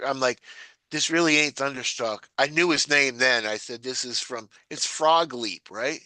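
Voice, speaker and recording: A man's voice: normal speed, bright, forceful tone, dry recording. A man, rambling through stories in casual chat on a video call. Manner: rambling storyteller, mimics people in a high voice. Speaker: meeting participant.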